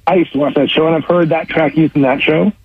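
A man's voice: a little high, fairly even intonation, fast, narrow, tinny audio, a crowd in the background. A man being interviewed as a radio guest, an eager storyteller who spins long anecdotes and acts out his own reactions.

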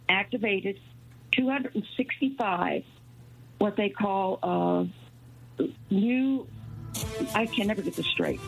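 A woman calling in to a radio talk show, rambling and halting with many fillers. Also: mid-range voice, slightly rough. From New Mexico. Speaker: caller. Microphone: telephone. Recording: tinny phone line.

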